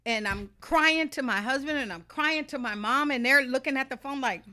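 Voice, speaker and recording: Woman podcast guest, salon founder, emphatic confiding storyteller with a sharp, bright voice. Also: sits high, moderate pace. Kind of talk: animated personal storytelling.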